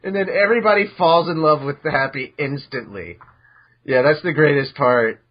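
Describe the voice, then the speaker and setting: A man hosting a podcast, casually recapping episodes in an animated way, now and then jumping into high squeaky voices for characters. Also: normal speed. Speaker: podcast host. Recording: dull lo-fi podcast audio.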